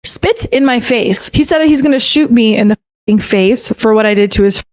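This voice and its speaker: A woman's voice: fairly high pitch, normal speed, a little mellow. A woman recounting a frightening personal encounter in a snarky tone, peppered with "like". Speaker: storyteller in a video clip. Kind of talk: personal storytelling.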